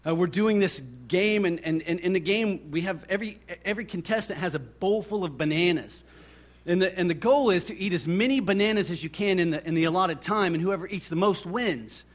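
A man's voice: high-pitched, brisk. A middle-aged man preaching a sermon, telling personal stories and acting out what people said. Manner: storytelling, animated, acts out quoted voices. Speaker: pastor.

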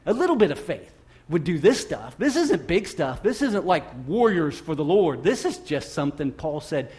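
A man's voice: on the high side, very animated, moderate pace, a little mellow. A middle-aged man preaching a sermon in a conversational, self-deprecating way, with emphatic rises. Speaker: pastor.

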